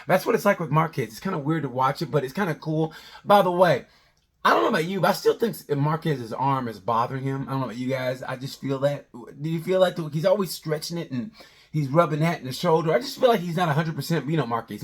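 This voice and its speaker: A male comedian giving a rambling, animated comedic review of a motorcycle race, full of tangents. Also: mid-range voice, fast talker, husky. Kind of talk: comedic sports review monologue.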